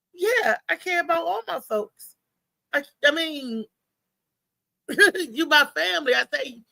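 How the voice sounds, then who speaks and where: A woman hosting a live show talks in a chatty, animated storytelling flow. Her voice sits high with a gravelly fry. The sound is dry and close. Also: no echo. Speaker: host. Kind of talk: casual live show chat.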